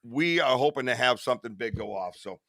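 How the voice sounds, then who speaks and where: A man hosting a live podcast in casual, rambling chat. His voice is bright and forward, with loose swearing and laughter at his own stories. The mic is close and dry, with no room sound. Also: medium pitch, animated, brisk, no room sound. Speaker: podcast host.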